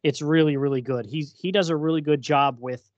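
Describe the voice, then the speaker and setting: Male podcast co-host, animated comics talk, lightly higher voice, dry close recording. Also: fairly quick, dry recording, highs cut off. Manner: animated, acts out quoted dialogue in reading. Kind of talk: casual chat.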